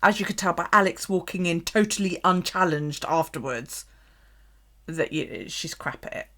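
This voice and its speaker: A woman's voice: fairly low pitch, normal speed, sharp tone. A woman hosting a late-night livestream, chatting casually, laughing often and swearing freely as she rambles. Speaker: bullet-journal livestream host. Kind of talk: casual live-stream chat.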